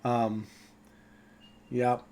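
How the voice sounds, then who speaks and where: A man running a tabletop role-playing game as game master, narrating scenes and reading rules aloud in a relaxed way, chuckling often. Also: medium pitch, drawn-out words.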